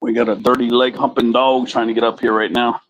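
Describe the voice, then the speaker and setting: A man's voice: medium pitch, level tone, a little fast, creaky, slight background noise, poor audio. A man hosting a live stream, chatting casually and crudely to his viewers in a rambling way. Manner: rambling, crude, talks straight to the chat.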